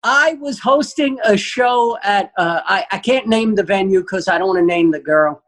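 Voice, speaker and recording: A man, a guest comedian telling an animated, profane story and acting out the quotes. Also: high voice, normal speed, low-quality recording.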